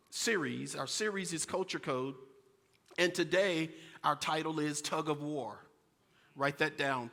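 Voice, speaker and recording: A male pastor telling animated stories in a sermon and talking straight to his congregation. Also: on the high side, long reverb tail. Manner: storytelling, animated, addresses congregation. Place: church sanctuary.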